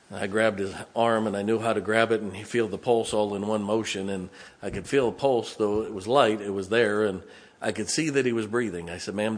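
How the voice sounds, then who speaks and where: An older man preaching a sermon. He tells a story in a hushed, folksy way, then builds to fervent, rising preaching. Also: on the low side.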